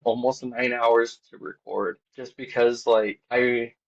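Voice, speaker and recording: On dull, muffled podcast audio, a band vocalist appearing as a guest slowly rambles through a personal story. He leans hard on "like" and quoted back-and-forth, staying quiet and low-key except when excitement lifts his voice.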